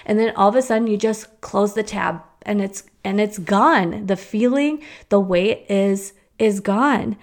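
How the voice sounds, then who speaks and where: A woman's voice: medium pitch, a little slow, few pauses. Woman, podcast host, casual girl-chat talk, chatty, loose and rambling. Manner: rambling, chatty, with fillers and restarts. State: hiccups.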